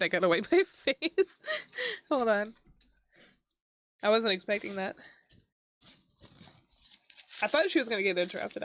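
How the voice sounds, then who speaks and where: A woman streaming a game, reading its dialogue and reacting, excitable and giggly, sometimes swearing. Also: mid-range voice, slight background noise. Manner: excitable and giggly, swears, talks to her dog. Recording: clear background music.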